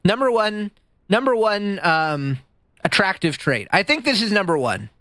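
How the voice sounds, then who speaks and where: Animated male streamer, goofy, self-mocking, bright tense voice, dry close mic. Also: sits high, unhurried, dry recording. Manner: animated, goofy, self-deprecating, chats with viewers. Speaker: livestreamer. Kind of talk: casual live-stream chat while gaming.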